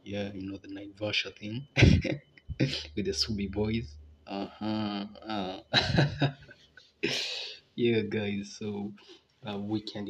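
A man's voice: fairly low pitch, a bit bright, muffled recording, a little hiss or hum. A young man hosting a casual podcast, talking in a laid-back, rambling way with frequent laughs. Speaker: podcast host.

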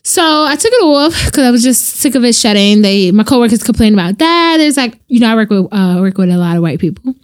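A woman co-hosting a casual chat podcast, telling a profane, animated story and jumping up in pitch for quoted voices. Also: fast, few pauses. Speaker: podcast co-host.

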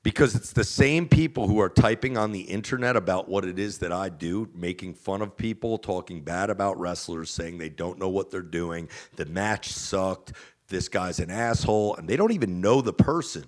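A man talking as a podcast guest, emphatic and profane, swinging between loud outbursts and low mutters. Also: moderate pace. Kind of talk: casual podcast chat.

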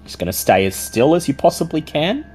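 A woman as game master, narrating a tabletop horror game in slow, suspenseful tones. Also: deep voice, sing-song, a little mellow, low-quality recording. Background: faint music.

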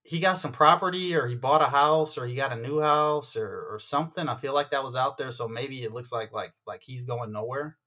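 A man's voice: mid-range voice, fairly quick, hardly any pauses, pushed and bright. A man co-hosting a casual sports podcast, rambling into tangents and acting out quoted people. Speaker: podcast co-host.

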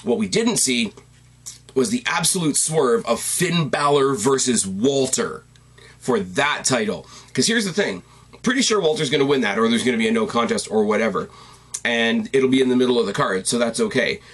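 A man with a slightly husky voice talks through a recap in a loose, rambling way. He gets excited, trips over his words and corrects himself as he goes. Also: medium pitch, moderate pace. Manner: rambling, enthusiastic, self-correcting. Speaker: wrestling commentator. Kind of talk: casual recap commentary.

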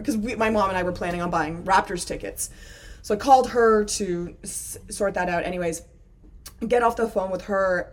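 A young woman, co-hosting a casual podcast chat and telling a story animatedly, acting out the quotes. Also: lowish voice. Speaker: podcast co-host.

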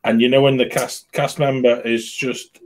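A man with an average-pitched voice talks in a relaxed group chat. He rambles, backtracks and corrects himself as he goes. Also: moderate pace. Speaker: podcast co-host.

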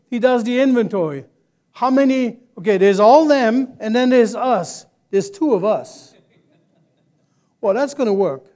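A man with a notably high voice preaches a sermon in a church service, taking his time over each phrase. He leads the congregation in call-and-response and swells into loud, rousing exclamations.

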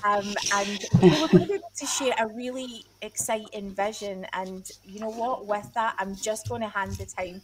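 A woman's voice: mid-range voice, fairly even intonation, moderate pace, few pauses. A woman hosting a panel over a video call, upbeat and enthusiastic. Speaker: host.

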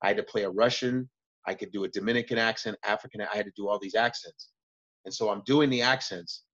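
A man, a comedian guest, telling stories in casual talk, profane and animated, jumping up in pitch when acting out moments. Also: quick pace, muffled recording. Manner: profane, animated retelling with bursts of high pitch. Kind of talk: casual storytelling.

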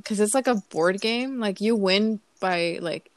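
A woman's voice: mid-range voice, moderate pace, dry recording. A woman in her thirties whose first language is Spanish, chatting casually as a podcast co-host and rambling through stories with lots of fillers. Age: 30s. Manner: rambling storyteller with many fillers. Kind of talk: casual chat.

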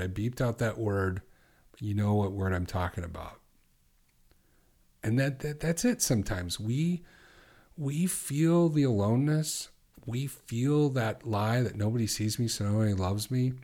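A middle-aged man hosting a podcast as a recovery coach, asking earnest questions and slowing down to repeat affirmations. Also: on the low side, a little mellow. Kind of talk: coaching monologue.

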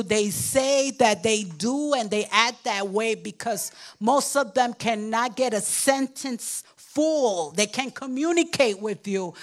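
Preaching to her congregation, an older woman pastor uses emphatic call-and-response. She occasionally impersonates babbling toddlers, making her voice squeaky.

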